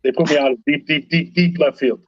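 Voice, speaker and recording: A man in a casual sports chat, talking in an animated, slangy way and swearing freely. His voice sits a little high. The recording is dry and dull, like a lo-fi mic. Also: brisk, no room sound.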